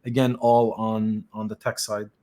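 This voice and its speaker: With a warm, lowish voice and a level tone, a middle-aged man from Lebanon hosts a podcast, speaking a little slowly. He's a tech consultant, and his easygoing chat is full of fillers and restarts.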